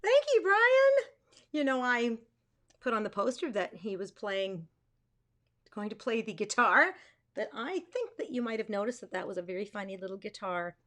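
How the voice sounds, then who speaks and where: A woman's voice: fairly high pitch, very animated, moderate pace, fairly bright tone. A woman music teacher hosting a live stream, chatting casually with self-amused asides. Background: guitar music.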